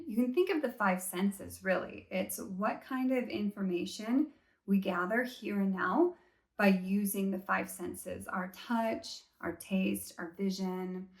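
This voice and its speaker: A woman coach gently guiding a body scan class, talking slowly and calmly. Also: medium pitch. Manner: gentle, slow instructional guidance. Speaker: somatic trauma coach. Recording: echoey room.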